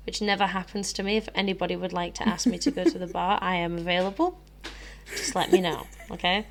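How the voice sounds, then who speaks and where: A woman's voice: medium pitch, brisk. A British woman co-hosting a podcast for English learners, explaining phrases in a chatty way and laughing often. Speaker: English teacher and podcast co-host. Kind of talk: casual teaching chat.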